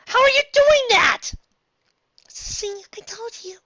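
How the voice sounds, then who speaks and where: A woman's voice: extremely high pitch, little pitch movement, moderate pace, lo-fi sound, a crowd in the background, voice pushed up. A woman voicing a timid young mare pony who speaks hesitantly and nervously in a storybook reading.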